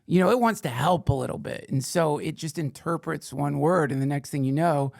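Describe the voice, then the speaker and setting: A man hosting a podcast in casual chat, rambling, excitable and swearing freely. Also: on the high side, gravelly, dry recording, studio quality. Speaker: podcast host.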